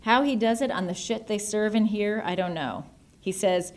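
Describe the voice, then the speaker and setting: A woman narrating a novel in the first person, wry and measured. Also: mid-range voice. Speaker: audiobook narrator.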